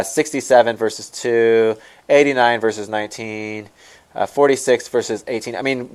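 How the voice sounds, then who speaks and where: A man teaching an online selling lesson over a screen share. He rambles and repeats himself as he talks the viewers through it. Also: lowish voice. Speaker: online store coach.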